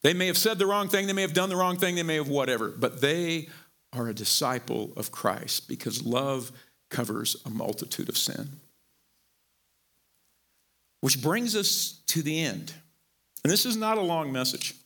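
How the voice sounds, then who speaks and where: Chatty pastor man, pitch leaping for emphasis. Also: animated, normal speed, pauses often, fairly bright tone. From Missouri. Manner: conversational, repeats words, jumps in pitch for emphasis. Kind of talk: sermon. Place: church sanctuary.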